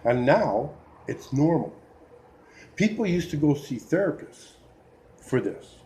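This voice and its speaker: A man's voice: on the high side, mellow, poor audio. A man talking to camera in an exasperated opinion rant, getting worked up, with restarts and sighs. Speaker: video blogger.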